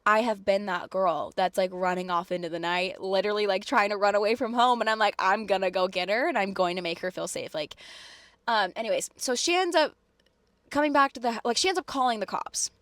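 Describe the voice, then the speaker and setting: A woman vlogger telling a personal story in casual chat, animated and emphatic, filling her talk with "like". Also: medium pitch, dry recording. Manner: animated, fillers of "like" throughout; quick, emphatic retelling with acted quotes.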